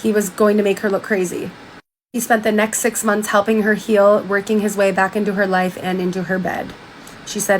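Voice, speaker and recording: A woman's voice: mid-range voice, level tone, normal speed, slight background noise, poor audio. A woman casually retelling a book's story in her own words, chatty and full of "like", with bursts of disbelief. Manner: chatty, lots of "like", exclaims in disbelief. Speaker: commentator. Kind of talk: casual commentary retelling a book.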